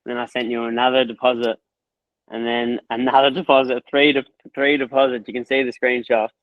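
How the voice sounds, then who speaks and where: A man in a casual chat, gushing with excitement and swearing freely. His voice stays flat in pitch and sits fairly close to the mic. The sound is dry and a bit muffled, as if the recording has been dulled. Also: brisk, no room sound. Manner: excitable, swears a lot, repeats and restarts. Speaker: guest, course creator.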